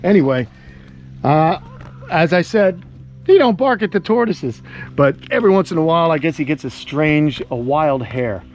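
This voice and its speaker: A man's voice: on the high side, expressive, moderate pace, slight background noise. An enthusiastic man chatting casually in an outdoor vlog while walking around his animal camp. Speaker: animal keeper and vlogger.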